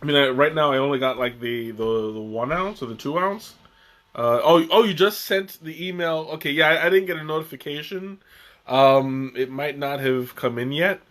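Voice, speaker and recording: A man hosting a casual live-stream tea tasting, chatty and joking, who talks haltingly with many restarts and fillers. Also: a little high, fairly bright tone. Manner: chatty and joking, often chuckling.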